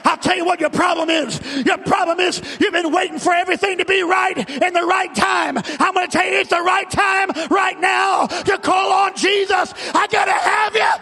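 A male pastor preaching a fervent sermon, repeating phrases and building up to shouts. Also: very high voice, steady tone, moderate pace, creaky, hardly any pauses, in a large hall, some chatter behind.

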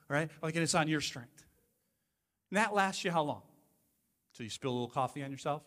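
A man's voice: a little high, lively intonation, brisk, long pauses, a bit bright, in a large hall. A male pastor preaching a sermon in a conversational, emphatic way, full of asides to the congregation.

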